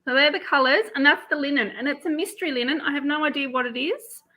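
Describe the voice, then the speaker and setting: A woman's voice: high-pitched, fast talker, pushed and bright, slight background noise, poor audio. A woman, chatting casually as co-host and laughing easily. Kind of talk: casual chat.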